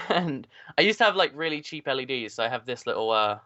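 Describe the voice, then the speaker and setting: A man's voice: mid-range voice, animated, a little fast, bright, forceful tone, no echo. A man co-hosting a podcast, rambling casually about computer hardware with lots of fillers. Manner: rambling, filler-heavy tech talk. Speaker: podcast co-host. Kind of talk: casual chat. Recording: dull lo-fi dry sound.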